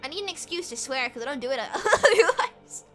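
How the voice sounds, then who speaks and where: Young female streamer, giggly and excitable, bright lively voice. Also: very high-pitched, brisk, faint music behind. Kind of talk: casual game stream chat.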